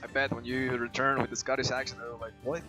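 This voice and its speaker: A man's voice: medium pitch, flat delivery, fast, pushed and bright, rough recording. A man with a heavy Spanish accent streaming a video game, chatting casually and thinking aloud with frequent restarts. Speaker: gaming streamer. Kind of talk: casual gameplay chat. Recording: game music behind the voice. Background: game music.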